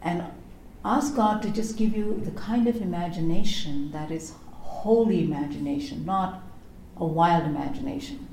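A middle-aged woman giving a devotional teaching on prayer, telling stories expressively and slowing down to read scripture. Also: fairly low pitch, darkish tone, a little hiss or hum. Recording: echoey room.

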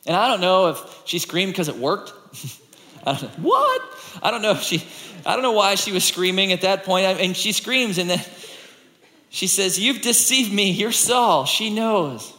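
A man preaching a sermon in a conversational, animated way, reading scripture and acting out the people in it. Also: high-pitched, moderate pace. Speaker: pastor. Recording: long hall reverb.

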